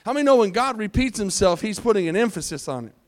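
A man with a high, light voice preaches to his congregation. He drives his points hard with rhetorical questions and slows down to read scripture. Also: animated. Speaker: pastor. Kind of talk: sermon. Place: church sanctuary.

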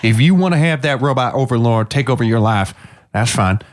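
A man's voice: mid-range voice, expressive, a little fast. Man, podcast co-host, casual banter, rambling, playful. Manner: jokey, rambling, restarts a lot. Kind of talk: casual chat.

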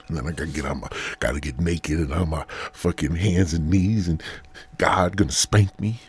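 Low husky man ranting profanely. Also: normal speed. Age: adult. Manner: profane, drifting rants with frequent whispered asides. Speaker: podcast host. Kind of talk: rambling solo podcast monologue.

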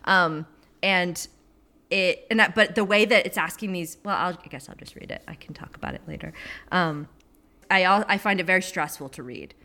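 A woman chats casually about books in a bright, forward voice. She wanders through her thoughts and corrects herself mid-sentence. She breaks into small laughs as she goes. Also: lowish voice, moderate pace. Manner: rambling, self-correcting, laughing often. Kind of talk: casual literary discussion.

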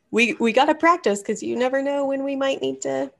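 A woman's voice: high voice, normal speed, creaky. A woman hosting a casual chat, wry and emphatic, calling herself cynical. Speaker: podcast host.

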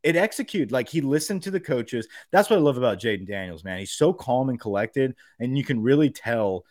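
A man co-hosting a sports podcast in casual, animated chat, swearing freely and rambling with fillers. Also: mid-range voice, a little fast, no echo, studio quality. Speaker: podcast co-host.

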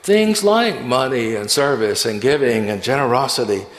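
A man's voice: medium pitch, animated, normal speed. Pastor guy preaching, tells stories and does the quotes, big echoey church sound. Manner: storytelling, reads scripture with voiced quotes. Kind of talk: sermon. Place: church sanctuary. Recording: echoey, reverberant church hall.

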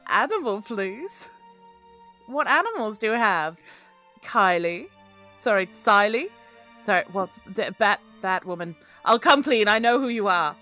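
A showy half-cat male burglar with a bright, tense voice that swings widely in pitch, as a woman acts him out. He talks in a theatrical, boastful way. Faint music plays behind him. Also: big pitch swings, measured pace. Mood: smug.

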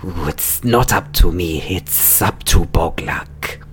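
Man playing a hissing lizardfolk guard. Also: low voice. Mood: wary. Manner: slow hissing, whispery menace. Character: slow hulking male lizardfolk guard, wary. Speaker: game master voicing a guard.

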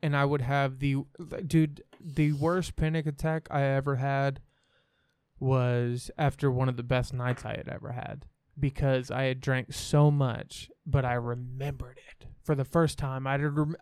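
A man's voice: mid-range voice, fairly even intonation, measured pace, a little mellow, smooth, dry recording. A young man, a podcast guest, telling a candid personal story in a frank, rambling way and swearing freely.

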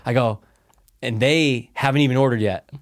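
A man's voice: mid-range voice, moderate pace. A middle-aged man animatedly telling a story in casual chat, swearing often and acting out quotes.

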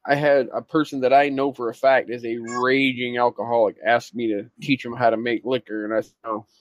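A man's voice: mid-range voice, level tone, a little fast, dry recording, muffled recording. A man co-hosting a casual podcast, recorded close and dry with no room sound. He talks in a plain, matter-of-fact way and adds careful practical tips. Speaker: podcast co-host.

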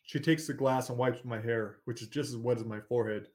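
A man narrating a first-person story in a measured, steady reading voice. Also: medium pitch. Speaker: audiobook narrator.

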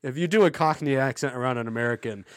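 A man's voice: mid-range voice, fast talker, dry recording, studio quality. A man co-hosting a podcast, chatting through a movie commentary, often restarting sentences and laughing as he talks. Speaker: podcast co-host. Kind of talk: casual movie commentary chat.

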